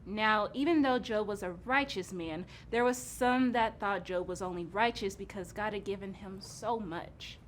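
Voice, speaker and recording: A woman co-hosting a kids' church show, patiently telling a Bible story in a gentle, amused way. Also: mid-range voice, moderate pace, hardly any pauses, slight background noise.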